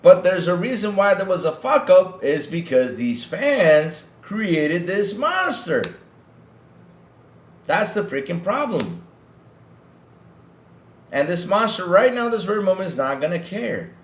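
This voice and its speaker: A man hosts a gaming podcast stream and rants heatedly at his chat, repeating lines as he works himself up. His pitch swings widely from phrase to phrase. The room around him sounds echoey. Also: sing-song, a little slow, pauses often. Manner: ranting, repetitive, heated. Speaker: podcast host. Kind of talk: livestream commentary to chat.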